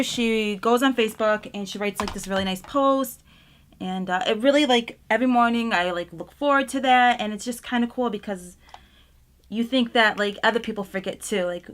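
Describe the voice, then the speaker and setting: This young woman has a mid-range, fairly bright voice and vlogs casually at home as she does her makeup. Her get-ready-with-me chat wanders, thick with fillers, and her talk of being grateful sometimes leaves her tearful.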